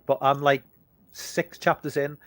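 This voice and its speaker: A man's voice: medium pitch, flat delivery, a little slow, fairly bright tone, no echo. A man co-hosting a casual movie chat stream, rambling and swearing freely with lots of restarts. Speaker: podcast co-host.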